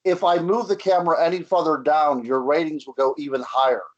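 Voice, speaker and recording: A man's voice: on the high side, fairly even intonation, brisk, lo-fi sound, slight background noise. A man guesting on a radio show over a video call, joking and self-deprecating. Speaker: guest researcher. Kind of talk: casual interview chat.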